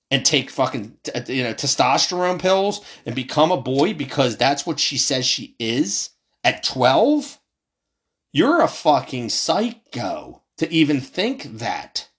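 Profane fired-up male ranter. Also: a bit bright. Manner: profane, fired-up and passionate, voice jumping high then dropping low. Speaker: commentator. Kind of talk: heated political rant.

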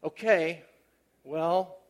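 This middle-aged pastor, whose voice is higher than most men's, draws out his words while telling a personal story in a sermon. He speaks conversationally, stressing some points with energy and softening others to a tender hush.

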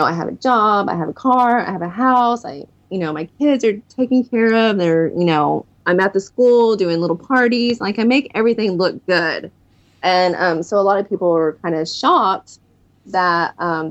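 A woman's voice: medium pitch, animated, moderate pace. A woman in her thirties, a guest in an interview, candidly telling her own story of recovery. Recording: dull lo-fi recording.

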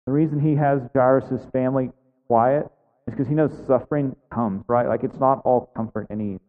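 A man's voice: mid-range voice, moderate pace. Man preaching in an echoing hall. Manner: earnest, conversational, with acted quotes and repeated questions. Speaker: pastor. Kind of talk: sermon. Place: church sanctuary. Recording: phone-like sound in a reverberant hall.

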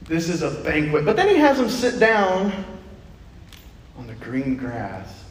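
A man preaching a lively sermon, his high voice swinging up and down as he jokes and acts out bits of the story. He sounds set back from the mic, with a long echo rolling around the church hall. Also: a little slow. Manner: playful, animated preaching with acted-out asides. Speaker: pastor. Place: church sanctuary. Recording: echoey hall, mic from a distance.

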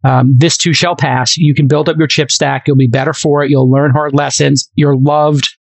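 A man co-hosting a podcast in casual chat, talking in an animated, emphatic and rambling way. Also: on the high side, normal speed, gravelly, husky, dry recording. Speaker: podcast co-host.

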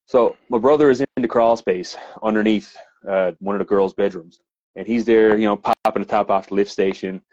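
A man's voice: lowish voice, moderate pace, no echo. A man with a Newfoundland accent, a plumber telling swearing, laughing work stories in casual podcast chat. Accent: Newfoundland English. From Newfoundland, Canada. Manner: animated, laughing storyteller with frequent fillers and swearing. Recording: slightly dull, dry podcast audio.

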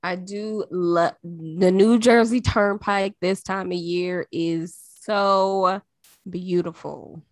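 Slow-talking woman co-host from Jamaica. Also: fairly low pitch, no echo. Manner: relaxed, easygoing and laughing along. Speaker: podcast co-host. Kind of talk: casual chat.

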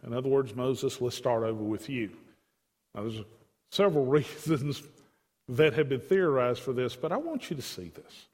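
A man's voice: mid-range voice, expressive, moderate pace, darkish tone, long reverb tail. A man teaching a Bible study, reading scripture aloud and explaining it in an emphatic, conversational way.

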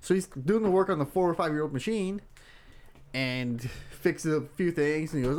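A man's voice: on the high side, normal speed. A man co-hosting a casual podcast, telling a rambling story about a work dispute. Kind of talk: casual banter.

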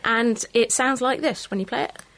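Bright high woman demonstrating instruments. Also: moderate pace, no room sound. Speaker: studio guest musician. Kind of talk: radio science demonstration.

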